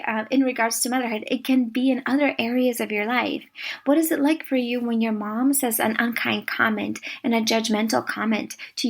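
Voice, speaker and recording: A young woman hosting a podcast, talking in a warm, encouraging, chatty way as a coach. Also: a little high, husky. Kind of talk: podcast monologue.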